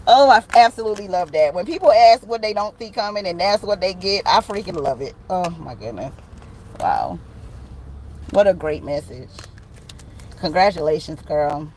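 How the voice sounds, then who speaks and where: An animated woman reads tarot in a casual, slangy way. Her speech is loose and full of swearing. Faint noise hums behind her voice. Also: on the low side, moderate pace, low-quality recording. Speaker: tarot reader.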